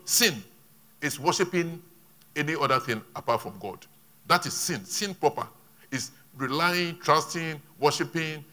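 Bright-voiced preacher, emphatic man. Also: fairly high pitch. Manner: emphatic preaching with sudden loud rises and quiet asides. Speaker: pastor. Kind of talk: sermon.

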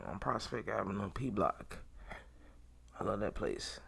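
Low gravelly-voiced man, casual podcast host. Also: expressive, unhurried, fairly bright tone. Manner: rambling, slangy and blunt. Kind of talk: casual monologue.

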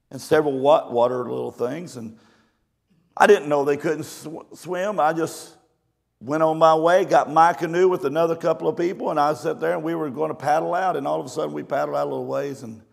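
A man's voice: on the high side, gravelly. A male pastor telling a folksy story in a conversational sermon. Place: church or camp meeting hall. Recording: long hall reverb.

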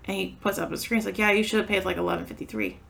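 A woman's voice: medium pitch, racing, vocal fry, fairly bright tone. A woman co-hosting a podcast, telling a story in casual chat, acting out quotes and swearing freely. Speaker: podcast co-host.

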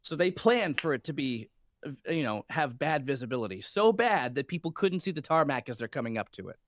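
A man's voice: medium pitch, big pitch swings, brisk, a bit bright, no echo, clean studio sound. A man co-hosting a podcast, chatting casually about a movie in a jokey, questioning way. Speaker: podcast co-host. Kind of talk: casual movie review chat.

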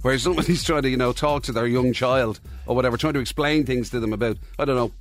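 A man's voice: medium pitch, quick pace, faint music behind. A man co-hosting a radio show, bantering and laughing easily. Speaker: radio co-host. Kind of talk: casual radio chat.

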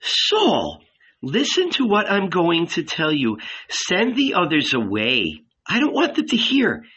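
A man reading aloud and voicing a tender, fearful woman who pleads with rising pitch. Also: huge pitch swings, slow, pushed and bright, breathy edge, lo-fi sound, exaggerated voice. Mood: urgent pleading.

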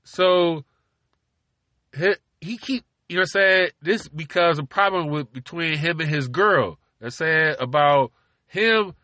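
A man's voice: a little high, measured pace, sharp tone, no room sound. A man hosting a podcast from his car, rambling casually and profanely, constantly asking "you know what I'm saying". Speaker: podcast host.

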